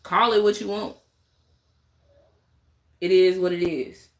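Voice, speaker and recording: A woman's voice: fairly low pitch, steady tone, slow. A woman streaming live, talking in a blunt, exasperated, rambling way to her viewers. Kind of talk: casual live-stream rant. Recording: roomy echo.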